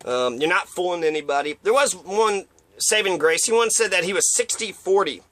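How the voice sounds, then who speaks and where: A man's voice: high voice, animated, moderate pace, a bit bright. A man giving a rambling, profane monologue of opinions, now and then acting out quotes in mocking voices. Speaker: commentator.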